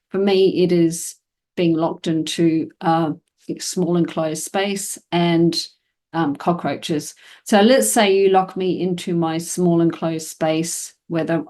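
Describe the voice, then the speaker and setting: A woman's voice: lowish voice, darkish tone. A woman hosting a podcast about dog training, explaining in a casual, conversational way with frequent fillers and acted-out examples.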